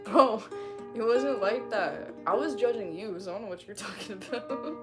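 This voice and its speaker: A woman's voice: mid-range voice, normal speed, loud music behind the voice. A woman livestreaming who reads viewers' comments aloud, laughing often, swearing freely and rambling to excuse herself. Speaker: livestreamer reading chat comments. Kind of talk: casual livestream chat.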